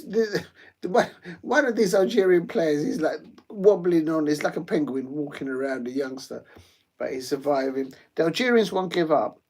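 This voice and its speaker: Brief: male streamer, chatty watch-along commentary, loose and rambling, average pitch. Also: a little mellow. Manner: chatty, rambling, many ums and uhs. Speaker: live stream host. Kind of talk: casual live football watch-along commentary.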